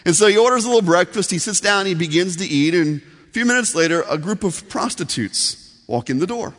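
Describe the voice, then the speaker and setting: A man's voice: high voice, animated, a little fast, a bit bright. A man preaching a sermon as pastor, telling a story in an earnest, conversational way. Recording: long reverb of a large hall.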